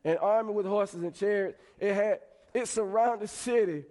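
A male preacher giving a conversational sermon with animated storytelling. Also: sits high, moderate pace, hardly any pauses, big-room sound.

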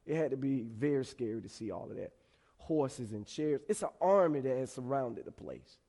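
A male preacher giving a conversational sermon with animated storytelling. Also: medium pitch, moderate pace, long reverb tail.

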